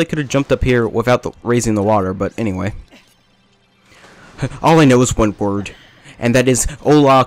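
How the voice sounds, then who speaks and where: A young man rambles through his gameplay commentary, joking and drifting between topics at a mid-range pitch. His voice is close on a desk mic in a small home room, with faint music playing underneath. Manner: rambling, jokey, self-deprecating, jumps between topics. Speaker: let's play commentator. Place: small hot bedroom with a fan running.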